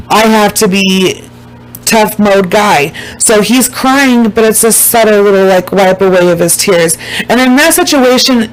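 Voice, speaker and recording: A woman casually recapping a documentary to her viewers, emphatic and blunt, swearing freely and slowing down to stress the points that upset her. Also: mid-range voice, rough recording.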